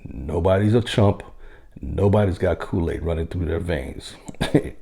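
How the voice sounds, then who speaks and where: A man with a very low voice tells a story from his time among veterans. His tone is dark and gravelly, and his delivery is easygoing and conversational, broken by the odd chuckle. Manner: unhurried, conversational, with occasional chuckles. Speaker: military veteran telling a story. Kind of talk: casual spoken storytelling.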